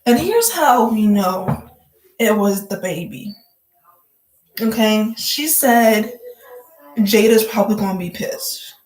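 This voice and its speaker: Slow-talking woman with a blunt gossip style. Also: a little high, expressive, darkish tone, roomy sound, rough recording. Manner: blunt, profane and joking, with frequent "like" fillers. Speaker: vlogger. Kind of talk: casual gossip commentary.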